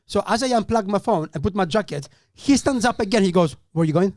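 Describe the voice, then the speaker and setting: A man telling a comedy gig story on a podcast, animated and swearing as he acts out the people in it. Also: high-pitched, fairly quick, no echo, studio quality. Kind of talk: casual podcast anecdote.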